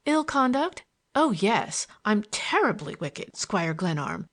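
A woman reading the lines of a playful, mocking young woman in an audiobook, her talk quick and breathless. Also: mid-range voice, sing-song, a bit bright, heavily acted. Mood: teasing.

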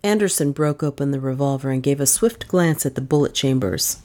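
A woman reading a novel aloud as an audiobook narrator, with expressive storytelling. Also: a bass voice, fairly quick. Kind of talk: scripted narration.

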